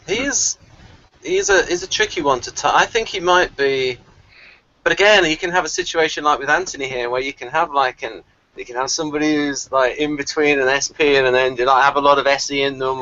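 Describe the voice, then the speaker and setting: A man hosting a casual group video-call chat, animated and quick to laugh, who likes trying out accents. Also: mid-range voice, no echo, dull audio. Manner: animated, laughs often, tries accents for fun. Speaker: channel host.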